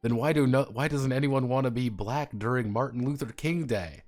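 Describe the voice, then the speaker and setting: A man's voice: mid-range voice, moderate pace, a little mellow, soft background music. A man chatting casually on his stream, swearing freely and laughing hard while he tells stories. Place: home streaming setup.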